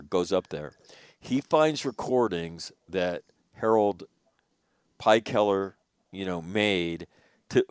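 A man hosting an interview, telling a long story in a casual, animated way and swearing now and then. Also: sits low, clear, resonant tone, no room sound, studio quality. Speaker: podcast host.

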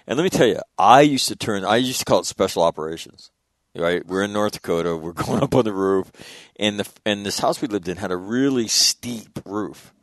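A man in his fifties telling stories in a casual chat, animated and chuckling mid-sentence, his voice jumping up at the punchlines. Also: brisk, no room sound, studio quality. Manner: animated storyteller, voice jumps high in punchlines.

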